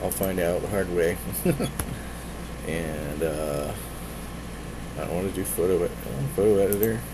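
A man's voice: sits low, unhurried, background noise. A man casually chatting on a live stream, rambling and self-deprecating as he mutters to himself while changing settings.

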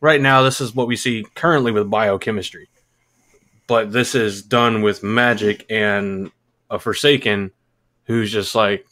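Brief: deeper-voiced man hosting a chatty podcast, explains things loosely, swears casually. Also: fairly even intonation, a little slow, bright, forceful tone. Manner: rambling, casually profane, explanatory. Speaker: podcast co-host. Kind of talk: casual chat.

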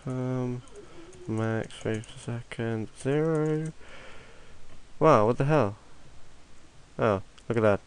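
A man's voice: medium pitch, slow, long pauses, clean tone. A young man, rambling offhandedly through a screen-recorded game tutorial while fighting a cold. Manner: offhand, rambling, mutters to himself. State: has a cold. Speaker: tutorial maker.

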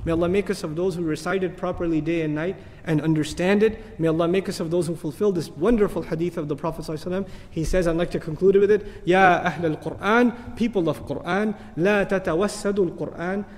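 A male lecturer teaches scripture in a rapid, high-pitched voice. He builds to emphatic peaks, then drops into soft asides. His voice carries a long hall reverb. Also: fairly even intonation. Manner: recites Arabic verses in quick chanted bursts. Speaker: Islamic lecturer. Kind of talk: lecture on the Quran.

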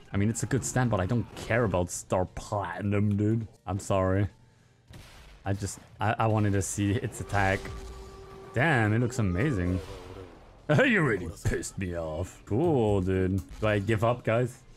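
A young man doing live gameplay commentary as a streamer, swinging between loud, swearing outbursts and low, sulky grumbling. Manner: swears freely. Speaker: gaming streamer.

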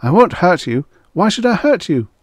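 A man's voice: fairly high pitch, sing-song, measured pace, dry recording, pitched above the performer's own voice. A man doing a desperate, pleading lost man. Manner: pleading, then shouting in distress.

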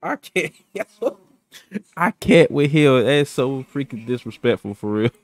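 A man's voice: mid-range voice, unhurried, dry recording. A man giving casual, slangy reaction commentary as host of a reaction channel. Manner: excitable, slangy.

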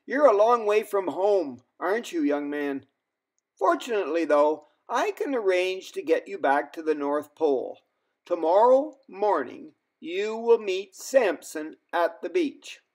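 A man voicing a gruff, booming old eagle. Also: animated, unhurried. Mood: hearty. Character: gruff but friendly old male eagle.

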